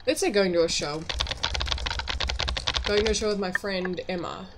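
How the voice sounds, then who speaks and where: A young woman casually commenting on a game, reading choices aloud and thinking out loud in a wry, chatty way. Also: mid-range voice, normal speed, heavy background noise. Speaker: let's play gamer. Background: background music.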